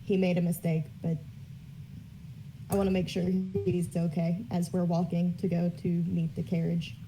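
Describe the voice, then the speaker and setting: Flat, low-voiced woman player. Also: moderate pace, noisy background. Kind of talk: casual chat.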